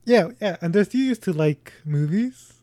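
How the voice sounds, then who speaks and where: Playful podcast guy, kinda high pitched, dead dry mic. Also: animated, a little slow, warm tone, dry recording. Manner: playful, laughs often, tries impressions. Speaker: podcast co-host. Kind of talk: casual chat.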